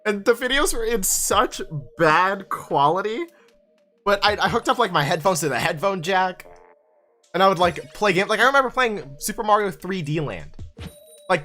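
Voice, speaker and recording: A young man chatting casually to his viewers while playing a game, animated and chatty. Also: sits high. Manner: animated, chatty, talks to chat. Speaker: game streamer. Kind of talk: casual live-stream chat while gaming.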